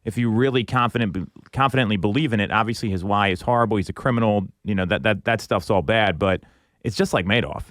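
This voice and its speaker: A man hosts a radio talk show, talking fast in a low voice and tripping over repeated words as he goes. The sound is close and dry. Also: fairly bright tone, no room sound. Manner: quick, stumbling restarts. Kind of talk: casual radio chat. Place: radio studio.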